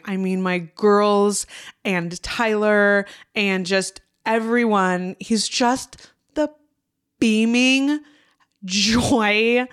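A woman's voice: medium pitch, fairly even intonation, extremely slow, clean tone. A woman in her thirties hosting a podcast, talking in a heartfelt way, swearing freely and close to tears. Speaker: podcast host. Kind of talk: casual podcast chat.

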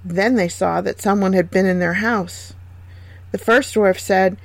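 A woman reading a fairy tale aloud in a gentle, measured way. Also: mid-range voice, fairly even intonation, creaky, no room sound. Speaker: storyteller.

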